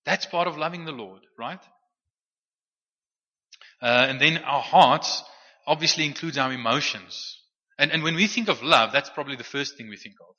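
A man preaches in a loose, conversational way, tripping over repeated words as he teaches. His voice is very bright and forward. The sound is a little muffled, with a long reverb trailing off a church hall. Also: on the high side, moderate pace, pauses often. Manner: conversational with frequent restarts and stammered repeats. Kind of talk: sermon teaching.

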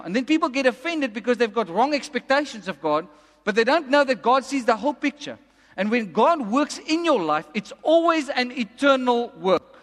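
Male preacher, high tenor, emphatic sermon delivery, church-hall reverb. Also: animated, a bit bright. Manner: emphatic, repeats lines slowly for effect. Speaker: pastor. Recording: long reverb of a large hall.

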